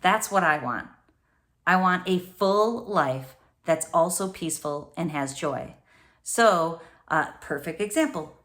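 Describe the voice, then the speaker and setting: A woman in her forties hosting a solo podcast, telling a personal story in a chatty way that speeds up when she gets excited. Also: deep voice. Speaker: podcast host and neuroscientist coach.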